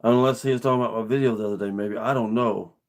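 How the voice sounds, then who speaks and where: A man's voice: mid-range voice, fairly even intonation, very fast. Earnest middle-aged man telling a story. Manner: earnest, rambling, plainspoken. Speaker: vlogger. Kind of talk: casual storytelling to camera.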